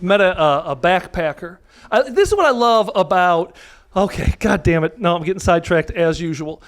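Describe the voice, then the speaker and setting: Brash, high-voiced stand-up comedian man. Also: animated, moderate pace. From United States. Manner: brash, profane, self-interrupting delivery. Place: live comedy venue with audience. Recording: audience laughter cutting over the mic.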